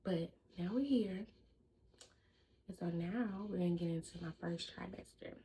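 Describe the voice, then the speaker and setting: A young woman vlogger casually telling viewers a personal story in a lively, chatty way. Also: lowish voice, moderate pace, a little hiss or hum, poor audio.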